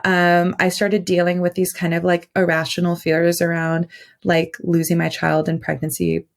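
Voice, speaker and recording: A woman's voice: on the low side, flat delivery, normal speed, creaky. A woman guest on a podcast, telling a personal story in a rambling, casual way, full of fillers and restarts.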